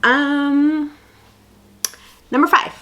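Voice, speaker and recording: A woman's voice: high voice, steady tone, extremely slow, sharp tone, dull audio. A young woman, a mother and vlogger, chatting unscripted to her viewers. She rambles and fills her talk with "like" and "you know". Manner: rambling, chatty, many fillers. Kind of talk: unscripted casual chat.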